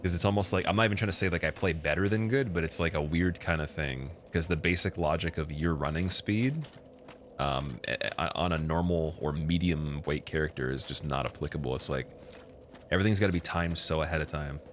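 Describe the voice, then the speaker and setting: A man's voice: rumbling low, brisk, fairly bright tone, a little hiss or hum. A young man with a Canadian accent, chatting loosely on a gaming live stream, rambling with lots of fillers. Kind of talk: casual live-stream chat.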